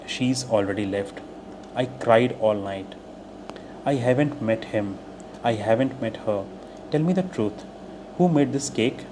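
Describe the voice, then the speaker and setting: A man teaching English, reading short everyday phrases aloud one by one in a clear, deliberate way. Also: medium pitch. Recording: steady air-conditioner hum behind voice.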